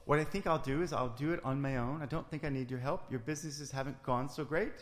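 A man's voice: medium pitch, fast, lightly acted. A man doing a haughty Scandinavian guard, indignant and formal, in a long echoey reverb. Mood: pompous. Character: pompous Scandinavian male security guard running burials. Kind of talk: improvised comedy audio drama.

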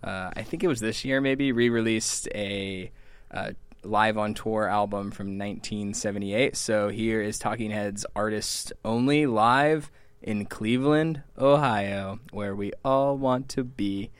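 Low-voiced man co-hosting a radio show. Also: clear, resonant tone, no echo. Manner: relaxed, joking, fillers and quick laughs. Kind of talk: casual radio chat.

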